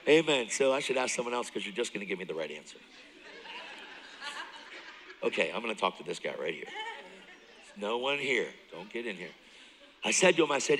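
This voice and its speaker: Male guest preacher with a bright, forceful voice, animated testimony with loud bursts and hushed asides. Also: fairly low pitch, moderate pace, long pauses, in a large hall, a little hiss or hum, poor audio. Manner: animated storytelling, jumps between loud and hushed; laughs often, talks straight to the crowd. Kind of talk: sermon, personal testimony. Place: church service.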